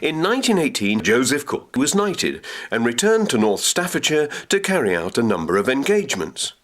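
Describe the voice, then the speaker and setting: A man's voice: medium pitch, sing-song, normal speed, fairly bright tone. A man narrating a local history documentary, reading quotations with dramatic emphasis.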